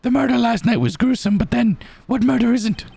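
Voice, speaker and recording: A man's voice: very high-pitched, fairly quick, creaky, mellow, husky, voice pushed up, heavily acted. A man voicing a vain, pushy old woman who scolds and rambles, for a game playthrough. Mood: haughty, rambling.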